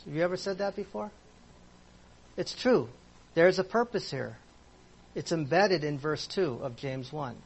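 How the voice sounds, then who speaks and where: A man's voice: on the high side, normal speed. A man teaching a Bible class in a conversational way, asking his listeners questions as he explains verses.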